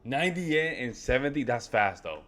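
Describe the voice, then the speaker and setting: A man co-hosting a reaction video, speaking in a relaxed, reflective way with casual slang. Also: mid-range voice, moderate pace.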